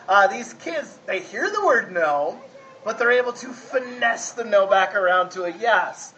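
A man's voice: high voice, expressive, a little slow, pushed and bright, dull audio, a little hiss or hum. A man preaching a conversational sermon, folksy and often asking his listeners if they follow. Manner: folksy, asks the congregation 'right?'. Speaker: pastor.

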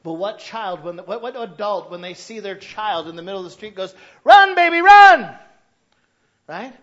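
A man in his thirties preaching a sermon, telling stories and acting out shouting parents. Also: high voice, brisk, dull audio. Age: 30s. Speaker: pastor.

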